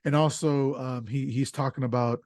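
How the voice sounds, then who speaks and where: A man hosting a podcast, retelling the plot of an old film in an animated, casual way with fillers. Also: mid-range voice, normal speed, no room sound, clean studio sound. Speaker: podcast host.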